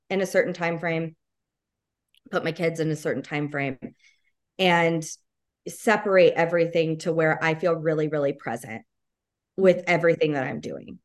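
Lower-voiced woman, casual and encouraging. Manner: casual and encouraging, many "like" and "you know". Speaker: podcast guest. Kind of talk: casual podcast interview.

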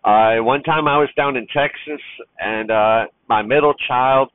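A man's voice: medium pitch, unhurried, clean tone, no echo. A man who drives trucks talks heartfelt and near tears about being a father, rambling with restarts. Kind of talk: personal vlog monologue. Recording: tinny phone-like sound.

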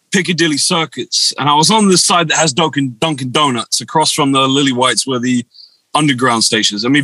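Bright-voiced man telling animated anecdotes. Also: on the high side, dry recording, rough recording. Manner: animated, rambling anecdotes with quoted dialogue. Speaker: guest. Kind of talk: casual storytelling on a video chat.

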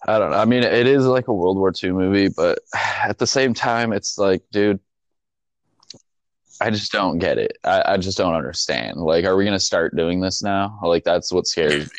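A man's voice: low-pitched, normal speed, dry recording. A man co-hosting a casual chat, laid-back and slangy, swearing freely. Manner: laid-back slangy talk, swears, says "bro" and "dog".

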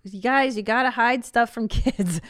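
A woman's voice: fairly high pitch, moderate pace, no echo, studio quality. A woman hosting a comedy podcast for moms, chatting casually with swearing and frequent laughter. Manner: profane, laughs often, animated. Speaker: podcast host.

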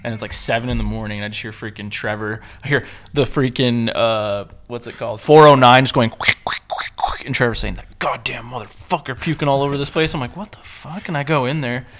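A man's voice: medium pitch, a little fast, fairly bright tone, slight background noise. A young man casually telling a rambling, profane story among friends, laughing as he goes. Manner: profane, rambling, laughing through his own stories.

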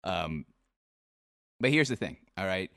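A man's voice: low-pitched, very animated, unhurried, vocal fry, fairly bright tone, no echo, studio quality. A man in his twenties hosting a livestream interview, talking in an earnest, reassuring way. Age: 20s. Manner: earnest, reassuring, repeats "all right?". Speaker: interview host.

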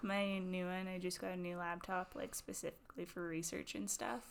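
A woman's voice: fairly low pitch, flat delivery, moderate pace, gravelly, smooth. Giggly woman cohosting a podcast, lots of "like", small home studio chat. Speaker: podcast co-host. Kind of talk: casual chat.

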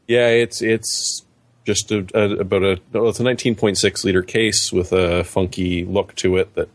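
Male podcast host, lowish voice, dry humor, runs through specs, dry room. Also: level tone, normal speed, dry recording. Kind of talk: casual tech chat.

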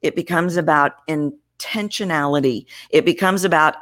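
A woman's voice: low voice, animated, a little slow, fairly bright tone. A woman voice coach in an interview, talking expressively about how voices work and showing vocal variety as she explains. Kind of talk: interview conversation.

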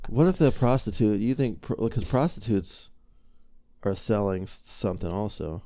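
A man co-hosting a casual podcast chat, laid-back, with deadpan jokes. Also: fairly low pitch, normal speed, no room sound, studio quality. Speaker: podcast co-host.

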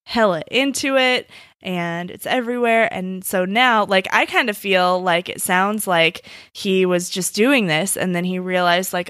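A woman's voice: mid-range voice, a little slow, a bit bright, dry recording, clean studio sound. Casual, profane woman podcast co-host. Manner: casual and profane, full of "like" fillers. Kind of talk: casual chat.

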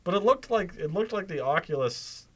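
A man's voice: high voice, expressive, moderate pace, fairly bright tone. A young man co-hosting a casual podcast, telling a rambling, amused story with lots of fillers. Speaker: podcast co-host. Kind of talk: casual chat.

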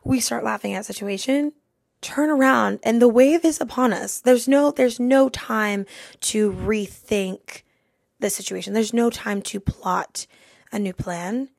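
Giggly young woman with gravelly fry. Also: fairly high pitch, measured pace, no room sound, studio quality. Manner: laughing through a funny story. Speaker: podcast host. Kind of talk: casual storytelling.

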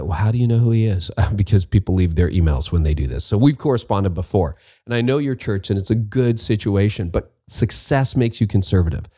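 A man's voice: on the low side, warm tone, no room sound, clean studio sound. A middle-aged man from Canada hosting a podcast, answering listener questions in a candid, self-deprecating way and repeating his key points. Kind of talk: casual advice talk.

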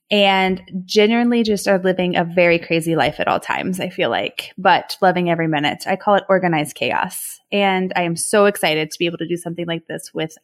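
A woman from Ohio, co-hosting a podcast in casual chat with friends, chatty and laughing often. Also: lowish voice. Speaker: podcast co-host.

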